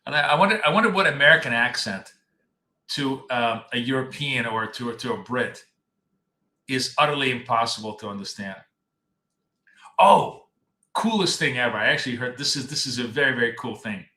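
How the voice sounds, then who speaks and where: A trading coach hosts a live stream, rambling and chatting casually straight to his viewers in an echoey room. His mid-range voice is expressive, pushed and bright, moving at a normal speed.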